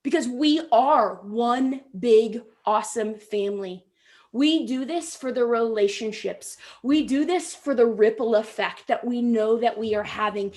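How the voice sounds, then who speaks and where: Woman in her thirties, motivational speaker, animated storytelling, fairly high voice. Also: unhurried. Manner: animated storytelling, acting out quoted dialogue. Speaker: keynote speaker. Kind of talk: motivational talk.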